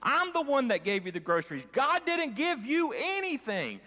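A man's voice: very high-pitched, normal speed, fairly bright tone, in a large hall, pitched above the performer's own voice. A man voicing a mocking, exasperated male neighbor who scoffs at faith. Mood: scornful. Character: scornful atheist male neighbor.

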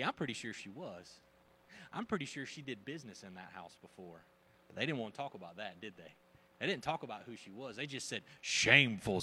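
Pastor guy preaching, bright voice, swings up and down a lot, jokes around. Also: mid-range voice. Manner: animated, joking, acts out gossiping voices. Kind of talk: sermon.

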